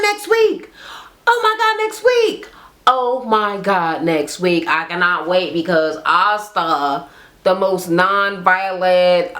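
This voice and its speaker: A woman recapping a reality TV episode as a vlogger, telling it in a blunt, profane, animated way. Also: fairly low pitch. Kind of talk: casual ranting recap.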